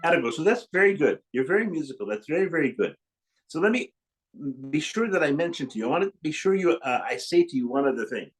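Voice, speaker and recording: A man whose voice sits on the high side speaks at a quick, sing-song pace while coaching a young pianist in a masterclass. He encourages the student and demonstrates phrases, in a piano room where a low-quality recording lets the playing drown his voice.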